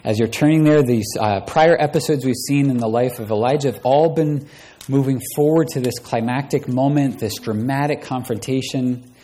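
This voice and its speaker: A man's voice: mid-range voice, normal speed, warm tone, slight background noise. A man preaching a sermon, reading scripture aloud and raising his voice dramatically on the quoted lines. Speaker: pastor.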